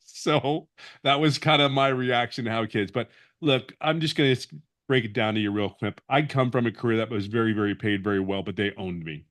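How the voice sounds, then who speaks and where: A man's voice: medium pitch, fairly quick, a bit bright. A man in his fifties, a webinar guest giving a personal testimonial in an earnest, rambling way with many restarts. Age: 50s.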